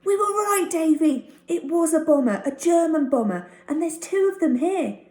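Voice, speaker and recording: A woman reading a storybook aloud, voicing an excited young boy who tells his friend what happened. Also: fairly high pitch, a little slow, voice pushed up. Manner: excited, breathless. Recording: roomy echo.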